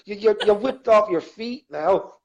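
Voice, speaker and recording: A man's voice: high-pitched, unhurried, vocal fry, a crowd in the background, low-quality recording. Effusive jokey male show host. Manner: effusive, jokey, laughs a lot. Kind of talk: casual chat on a live online show.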